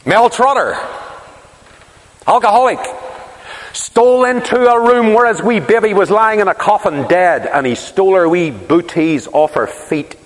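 A man preaching a sermon, telling stories and asking rhetorical questions with emphasis. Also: on the high side. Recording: long reverb of a large hall.

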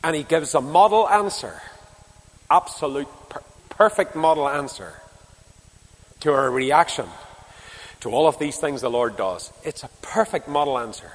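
A Northern Irish man delivers an impassioned sermon in a fairly high voice. He climbs to loud emphasis, then drops to quiet asides. A long hall reverb trails every phrase. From Northern Ireland. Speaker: preacher.

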